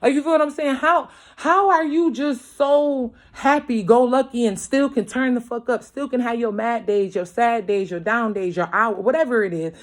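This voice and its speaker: A woman's voice: fairly high pitch, moderate pace, hardly any pauses. A woman, a mother, giving a casual tarot reading at home late at night, talking bluntly with heavy swearing and constant check-ins with her viewers. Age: young adult to middle-aged, a mother. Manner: blunt, profane, emphatic, keeps asking "you feel me"; grows louder as she gets worked up. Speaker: tarot reader.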